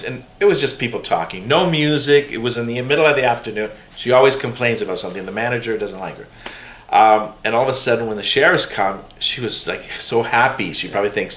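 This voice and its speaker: A middle-aged man telling family stories in a casual, animated way during an oral history interview, with laughter. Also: mid-range voice, brisk. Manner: animated, laughing, mimics voices when quoting. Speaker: interviewee's son. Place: room in a museum. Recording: roomy room with faint hiss.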